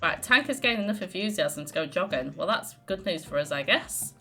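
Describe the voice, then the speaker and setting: A woman's voice: on the low side, lively intonation, a little fast, pushed and bright. A young woman giving casual, giggly gameplay commentary as a let's play host. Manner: chatty, giggly, lots of fillers. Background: faint game music.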